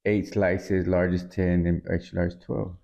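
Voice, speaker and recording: A man co-hosting a podcast, chatting casually and telling a relaxed anecdote. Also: deep voice, unhurried, vocal fry. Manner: easygoing listener, lots of "yeah", relaxed anecdote telling. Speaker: podcast co-host. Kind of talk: casual chat. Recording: dull lo-fi sound.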